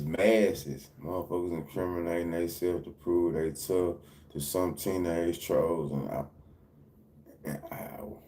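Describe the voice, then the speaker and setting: A man's voice: fairly low pitch, mellow. A man hosting a livestream, talking loosely and repetitively in casual, profane slang. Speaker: livestream reaction host.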